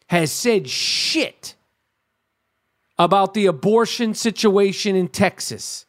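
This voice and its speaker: A middle-aged man hosting a podcast, delivering a profane, animated comedic rant full of swearing. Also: high voice. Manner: animated, crude, rapid-fire ranting with swearing. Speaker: podcast host.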